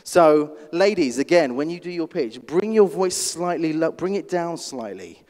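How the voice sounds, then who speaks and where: A man's voice: animated, a little mellow. Man coaching in a reverberant hall. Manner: deliberate, repetitive, checks in with frequent "okay?"; drops pitch and volume to land key points. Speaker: pitch coach at a startup conference. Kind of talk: live masterclass talk. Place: large conference hall.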